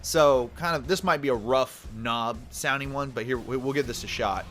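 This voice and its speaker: A man giving a casual, energetic tutorial on doing character voices. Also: mid-range voice, moderate pace, over music. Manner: energetic, chatty. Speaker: voice actor teaching a tutorial.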